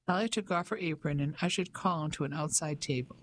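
An audiobook narrator reading a novel in an even, measured storytelling manner. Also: medium pitch. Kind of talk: scripted narration.

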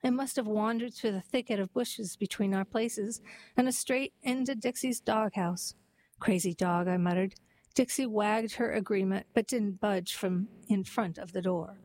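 A woman narrating a heartwarming story and then reading a poem aloud in a gentle, even storytelling manner. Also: medium pitch, normal speed, no room sound, poor audio.

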